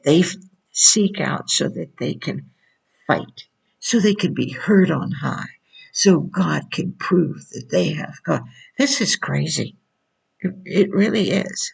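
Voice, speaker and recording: A woman's voice: lowish voice, lively intonation, takes it slowly, gravelly, slightly rough, poor audio. A woman preaching informally to a video audience, insistent and repeating rhetorical questions.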